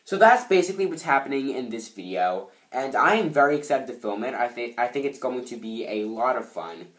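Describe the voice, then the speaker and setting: A man's voice: medium pitch, big pitch swings, fairly quick, a bit bright, reverberant, poor audio. A man hosting his own channel, chatting casually and upbeat about his next comedy skit, straight to camera. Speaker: skit creator and channel host. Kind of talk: casual behind-the-scenes talk.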